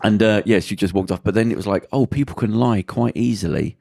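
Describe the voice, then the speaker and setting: Gravelly man telling a story. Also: lowish voice, fairly quick, dry recording, studio quality. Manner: lively, acts out the people in his stories. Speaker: podcast co-host. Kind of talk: casual storytelling anecdote.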